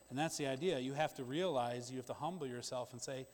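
A man preaching a sermon in a conversational, emphatic way, with quick asides to the congregation. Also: medium pitch, a little mellow, a little hiss or hum. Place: church sanctuary. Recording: long church-hall reverb.

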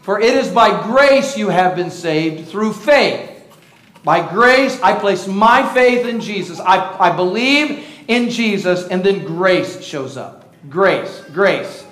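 High-voiced man preaching in an echoey church. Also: lively intonation, slow pace, fairly bright tone. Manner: engaging, asks the congregation questions; playful, self-teasing humor. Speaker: pastor. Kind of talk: sermon.

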